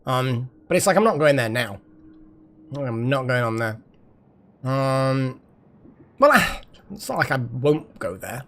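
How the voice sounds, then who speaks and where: Male streamer, rambling casual chat, lively swings in pitch. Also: a little slow, pauses often. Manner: rambling, chatty, swears and laughs often. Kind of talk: casual live-stream chat while gaming.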